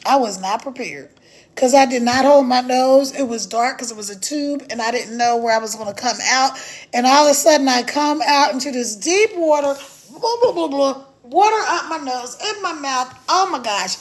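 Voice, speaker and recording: A woman in her forties, a mother of six, chatting on a live stream from her phone about online income, animated and laughing as she tells stories. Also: high voice. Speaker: online business recruiter. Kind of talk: casual live-stream pitch. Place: indoors, talking to a phone camera. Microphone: phone mic.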